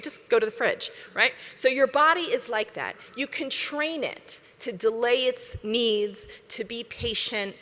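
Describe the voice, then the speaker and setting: A woman with a bright, fairly high voice gives a lively, conversational talk from a stage. She keeps checking in with the audience in a chatty way. Her voice carries a long reverb across a large hall. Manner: lively, conversational, often adds "right?". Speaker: speaker at a convention. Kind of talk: inspirational lecture.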